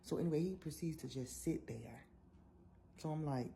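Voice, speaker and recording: A young woman, telling an animated, sassy story in a casual vlog. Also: low-pitched, normal speed, vocal fry, slight background noise. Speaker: vlogger.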